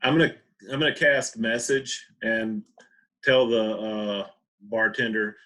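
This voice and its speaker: A man's voice: fairly low pitch, unhurried, a bit bright. A man playing a tabletop game, laid-back with some hesitation. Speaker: player.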